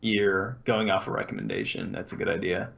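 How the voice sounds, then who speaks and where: A young man co-hosting a podcast in casual chat, easygoing and measured. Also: low voice, big pitch swings, creaky, fairly bright tone. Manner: easygoing, measured, laughs along. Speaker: podcast co-host.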